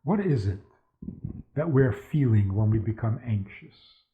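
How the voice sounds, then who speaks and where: A man's voice: medium pitch, animated, a little slow. Man teaching over a tinny line. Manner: rhetorical questions, storytelling. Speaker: rabbi. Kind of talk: spoken lecture with stories. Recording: tinny phone-like sound.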